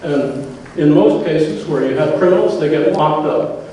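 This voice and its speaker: A man's voice: a little high, unhurried, mellow, a little hiss or hum. Indignant man questioning at a town hall. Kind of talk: public question. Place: large public hall. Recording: echoey hall recorded from far off.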